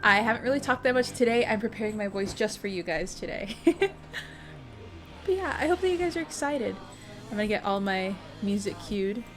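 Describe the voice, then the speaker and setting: With faint music playing at her home streaming setup, a young woman talks at a normal speed in a mid-range voice with lively intonation. She chats casually and bubbly with viewers, welcomes them by name and swears occasionally.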